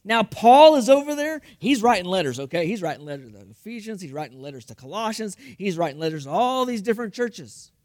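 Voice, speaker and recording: A man preaching a sermon, animated, swinging between loud emphasis and quiet asides, checking in with listeners with "okay?" and "right?". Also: high-pitched, fast talker, hardly any pauses. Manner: speaks directly to listeners with frequent "okay?" and "right?". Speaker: pastor.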